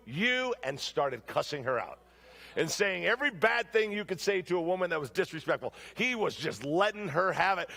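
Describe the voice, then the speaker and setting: A man preaching a storytelling sermon in a church, shouting during his stories and dropping low for his main points. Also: gravelly, in a large hall. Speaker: guest preacher. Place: church sanctuary.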